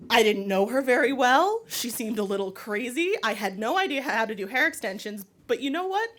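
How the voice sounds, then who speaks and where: A woman's voice: on the high side, fairly quick, few pauses. A young woman telling a candid, wry personal story live on stage to an audience. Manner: candid, wry, lively delivery with laughter. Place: small live venue before an audience.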